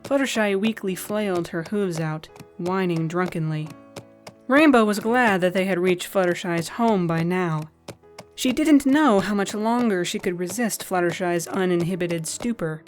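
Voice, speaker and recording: A woman narrating a fan-fiction story in a gentle, even reading style. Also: on the low side, measured pace, soft background music.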